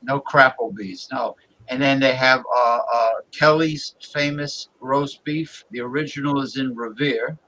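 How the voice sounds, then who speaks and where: A man's voice: medium pitch, unhurried, pushed and bright, poor audio. Rambling man in casual chat. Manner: rambling, many fillers and restarts.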